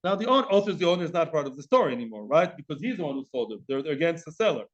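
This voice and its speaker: A man teaching a Talmud class in a lively lecture style, acting out the dialogue and mixing in Hebrew and Aramaic terms. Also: on the high side, very fast, dull audio.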